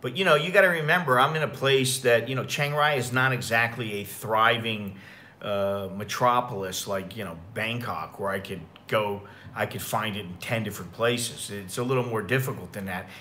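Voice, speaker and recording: A man's voice: lowish voice, normal speed, bright, forceful tone, slight background noise. An American man telling rambling, profane stories in a casual livestream chat. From United States. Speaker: expat vlogger.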